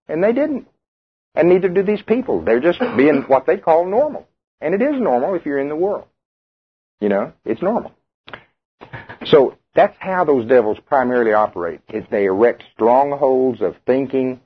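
Husky preacher on tinny radio. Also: male voice, a little high, very animated, moderate pace. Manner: conversational, asks the congregation questions. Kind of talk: sermon.

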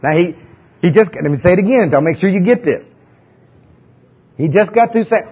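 Husky high-voiced man preaching. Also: lively intonation, normal speed, pauses often. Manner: conversational, emphatic, asks the audience questions. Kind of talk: sermon. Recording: dull lo-fi recording.

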